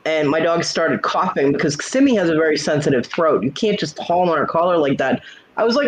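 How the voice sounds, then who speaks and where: Man, casual livestream host, blunt profane storyteller, slightly high voice, faint background noise. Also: animated, a little fast, low-quality recording. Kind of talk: casual chat. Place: at home.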